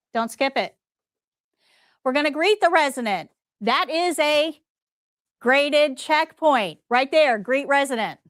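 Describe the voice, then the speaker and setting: Woman instructor, emphatic, questions the class, slightly high voice, dry close sound. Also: fairly bright tone, dry recording. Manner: emphatic, talks straight to students with rhetorical questions. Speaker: CNA test prep instructor. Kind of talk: live class lecture.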